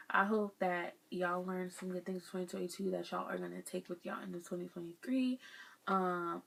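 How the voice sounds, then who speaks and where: A woman's voice: on the low side, vocal fry. Young woman vlogging advice, earnest and chatty, keeps saying y'all. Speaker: vlogger sharing life lessons. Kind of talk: casual advice vlog.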